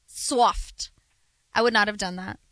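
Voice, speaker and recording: A woman trades quick, friendly back-and-forth on a sports talk show. Her voice is bright and a touch high. The recording is dry and close. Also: expressive, dry recording. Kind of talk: casual sports talk chat.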